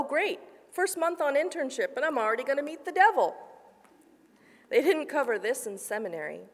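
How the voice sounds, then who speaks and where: Woman pastor, slightly high voice, storytelling sermon in a reverberant church. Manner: storytelling, shifts between lively asides and hushed narration. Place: church sanctuary. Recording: long reverb of a church hall.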